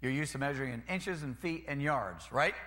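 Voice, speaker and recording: A man's voice: mid-range voice, fairly quick, sharp tone. A man preaching a sermon in a folksy way, repeating phrases and calling for amens.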